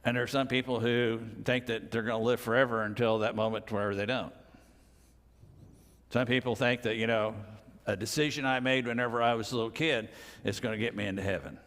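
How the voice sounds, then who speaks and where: An older man in his sixties preaching a sermon in a plainspoken, folksy way, with slow, emphatic pauses. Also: lowish voice, steady tone, fairly bright tone. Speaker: pastor. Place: church sanctuary. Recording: reverberant church hall.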